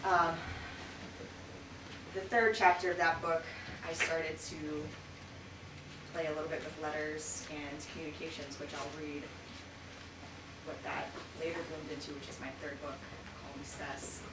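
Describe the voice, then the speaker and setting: Woman poet, expressive poetry reading, lowish voice, roomy far-off sound, background noise. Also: unhurried, long pauses. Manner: expressive reading with dramatic swings in loudness. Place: bookshop reading room.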